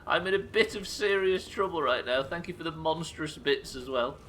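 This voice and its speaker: An excitable man narrates his own gameplay for a live audience, swearing freely and breaking off to thank viewers. His voice is bright and forceful. A faint hiss sits under the desk mic. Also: fairly high pitch, moderate pace. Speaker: game streamer.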